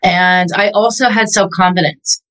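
Woman realtor guest, chatty, rattles off question lists fast. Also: medium pitch, fairly even intonation, fairly bright tone, low-quality recording. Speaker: real estate agent, guest. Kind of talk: casual interview talk.

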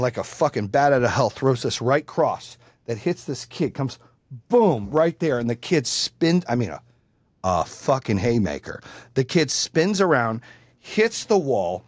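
A middle-aged man telling a long story in a casual, animated, profane way. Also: medium pitch, dry recording, studio quality. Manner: profane, animated, acts out the people in his story.

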